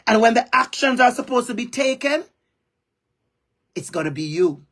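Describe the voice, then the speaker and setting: A keynote speaker with a Jamaican accent speaks passionately over a video call, emphatically repeating phrases. His very high-pitched voice is animated and fairly bright, at a normal pace.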